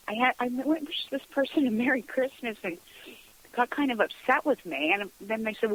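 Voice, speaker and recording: A woman's voice: a little high, expressive, normal speed, fairly bright tone, poor audio. A middle-aged woman hosting a radio talk show, chatting casually, laughing often and acting out quoted dialogue. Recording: radio broadcast sound.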